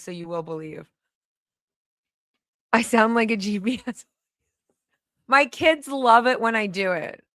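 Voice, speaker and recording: Excitable woman chatting on a livestream. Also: on the high side, no echo, clean studio sound. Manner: excitable, chatty, laughs often. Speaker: livestream host. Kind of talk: casual livestream chat.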